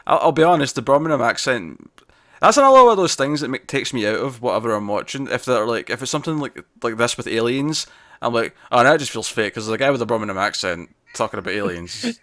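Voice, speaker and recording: Joking man with lively pitch. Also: fast talker, no room sound, clean studio sound. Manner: joking, blunt and dismissive. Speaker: podcast co-host. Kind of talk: casual review chat.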